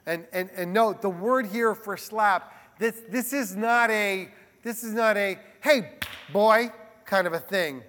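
A man preaching a sermon as a pastor, animated and conversational, with frequent asides to the listeners. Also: high-pitched, unhurried, long reverb tail.

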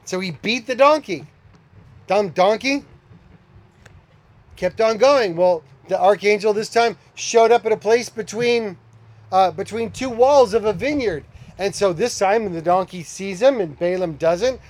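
A man preaching a sermon as a pastor, conversational, with animated storytelling. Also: sits high, moderate pace.

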